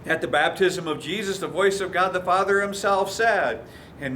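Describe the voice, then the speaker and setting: High-voiced pastor acting out scripture. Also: male voice, moderate pace, pushed and bright, a little hiss or hum. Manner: storytelling, acts out quoted voices. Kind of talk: sermon.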